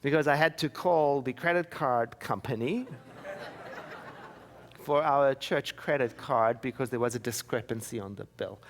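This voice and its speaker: A man giving a sermon as minister, telling personal stories with wry, self-mocking humor. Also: fairly high pitch. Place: church.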